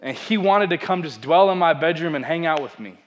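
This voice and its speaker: A young man, a pastor, preaching a sermon with animated storytelling and self-deprecating humor. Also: fairly high pitch, brisk.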